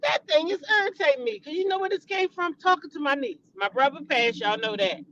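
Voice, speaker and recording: A woman's voice: high-pitched, lively intonation, brisk, fairly bright tone, lo-fi sound, slight background noise. A woman hosting a celebrity gossip show, chatting casually and animatedly to her viewers and calling them y'all.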